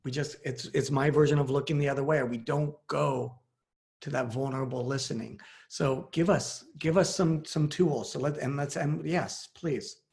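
A man's voice: a little high, steady tone, normal speed, gravelly, darkish tone. A man hosting a casual chat, telling a personal story in a reflective, confessional way. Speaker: host.

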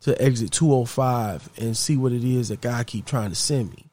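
Brief: anxious struggling mom, low subdued voice, played by a man, dry sound. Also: normal speed, darkish tone, no echo, natural voice. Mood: worried. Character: struggling mother, anxious and doubtful.

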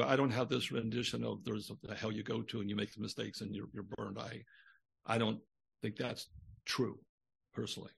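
A man's voice: medium pitch, vocal fry, slightly rough. An older man, a guest on a podcast interview, telling a long personal story in a rambling way with many restarts.

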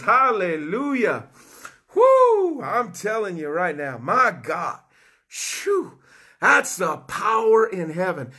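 A man's voice: high-pitched, sharp tone, husky. A man preaching a fervent live-streamed sermon, whooping and repeating his key phrases, greeting viewers by name. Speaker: online preacher.

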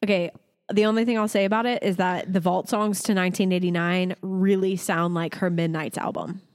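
A woman's voice: fairly low pitch, steady tone, brisk, darkish tone, no room sound, clean studio sound. A young woman co-hosting a casual podcast, gushing and laughing often as she chats. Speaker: podcast co-host. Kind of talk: casual chat.

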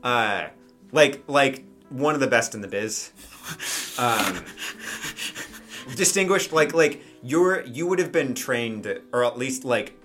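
A man running a tabletop game, describing scenes in a loose, filler-heavy ramble. His voice is bright and forward, at a middle pitch. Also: animated, takes it slowly, faint music behind. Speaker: game master.

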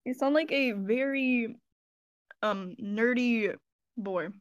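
A woman chatting casually on an online group voice call, teasing her friends playfully and trailing off quietly. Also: fairly high pitch, slow pace, no echo, muffled recording.

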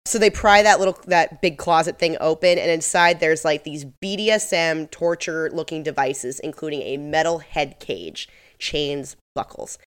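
A woman co-hosts a podcast, narrating plot points in a relaxed, chatty flow. Her voice sits on the low side for a woman and she sounds amused as she goes. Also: moderate pace, hardly any pauses, clear, resonant tone. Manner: chatty, frequent "like" fillers, amused. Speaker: podcast co-host. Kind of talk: casual episode recap chat.

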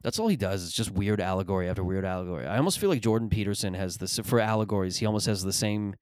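Low-voiced man rambling comedy monologue. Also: expressive, rapid-fire, clean tone, no room sound. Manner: rambling, profane, self-deprecating. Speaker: comedian host.

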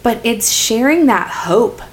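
A woman's voice: fairly high pitch, animated, slow, slight background noise. A woman co-hosting a casual faith talk, speaking in an earnest, reflective way and often trailing off mid-thought. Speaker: co-host.

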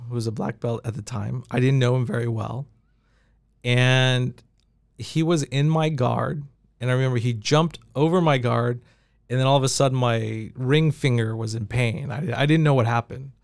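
A man telling lively stories on a podcast. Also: medium pitch, creaky, dry recording, clean studio sound. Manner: animated anecdotes with frequent laughs. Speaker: podcast guest. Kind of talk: casual interview storytelling.

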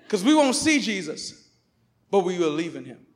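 A male pastor preaching in a church sanctuary, his voice sitting unusually high for a man. He moves between emphatic, declaring peaks and hushed, conversational asides. The sound rings with the long reverb of a large hall. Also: sing-song, moderate pace. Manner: emphatic preaching, swinging from loud proclamations to quiet asides. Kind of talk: sermon.

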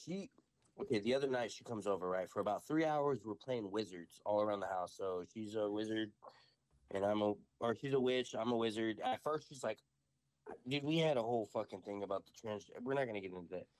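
A young man telling a story in a casual podcast chat, animated and full of swearing. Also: fairly low pitch, a little fast, no room sound. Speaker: podcast host.

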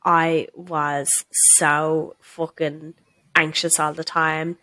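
Young Dublin woman, podcast co-host, low-ish bright voice, dry close sound, profane storyteller. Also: flat delivery, extremely slow, dry recording. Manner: sweary, storytelling, laughing. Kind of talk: casual chat.

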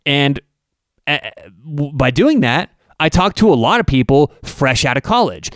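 A man's voice: a little high, very animated, unhurried, a bit bright, dry recording, studio quality. A man hosting a podcast, delivering an opinionated, emphatic monologue full of rhetorical questions. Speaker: podcast host and network owner.

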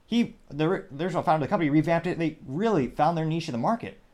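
A man's voice: fairly high pitch, lively intonation, racing, a little mellow. Sarcastic man hosting a commentary show. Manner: sarcastic, dismissive, rambling with restarts. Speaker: podcast host. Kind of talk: opinionated commentary monologue.

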